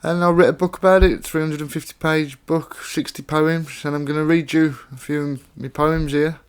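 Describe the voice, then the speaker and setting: A man's voice: on the high side, fairly even intonation, moderate pace, smooth. A man from Staffordshire, an author reading his own rhyming poems aloud in a plain, conversational way, with casual spoken introductions between them. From Staffordshire, England.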